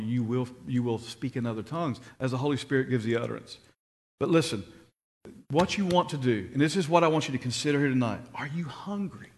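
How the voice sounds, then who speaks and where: A man preaching a sermon, telling stories and rising to excited shouts when he quotes people. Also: medium pitch. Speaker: pastor.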